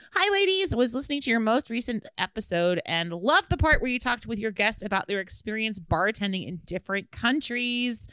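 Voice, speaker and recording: A woman's voice: medium pitch, fairly bright tone, clean tone, dry recording. Laughing, casual woman podcast host. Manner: laughs often, swears casually. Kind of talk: casual podcast chat, reading listener mail.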